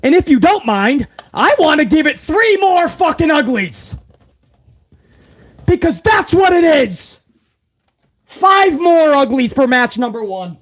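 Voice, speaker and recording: A man hosting a live stream who rants, swears often and shouts now and then. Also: very high-pitched, big pitch swings, slow, pauses often. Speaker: host. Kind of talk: profane live-stream rant.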